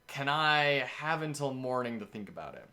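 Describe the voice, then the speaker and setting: Tough dragonborn druid, voiced by a man, plain and hesitant, bright voice. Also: mid-range voice, very animated, normal speed.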